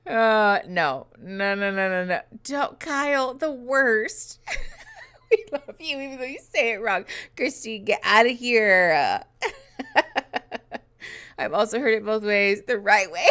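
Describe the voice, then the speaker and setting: A woman's voice: fairly low pitch, fairly bright tone. A woman in her thirties hosting a live reaction stream, chatting playfully with viewers, teasing and laughing often. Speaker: host reacting to a show live. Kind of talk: casual livestream chat.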